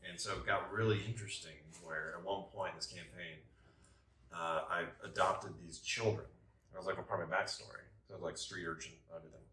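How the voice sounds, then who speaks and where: A man in a casual roundtable chat about tabletop games, speaking thoughtfully and haltingly. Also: sits low, fairly even intonation, sharp tone. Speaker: tabletop game player. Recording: roomy, distant mic.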